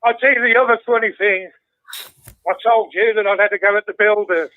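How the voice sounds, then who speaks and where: An older man, calling in over a tinny phone line. His voice sits high, and he swears constantly as he tells a story with plenty of energy. The sound is dry, with no room around it. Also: fairly even intonation, fairly quick, no echo. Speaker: caller. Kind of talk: casual phone-in chat.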